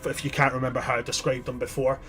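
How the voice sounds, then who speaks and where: Game master, mid-pitched, chatty descriptive narration with restarts, runs the tabletop game. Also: male voice, little pitch movement, quick pace, sharp tone, soft background music.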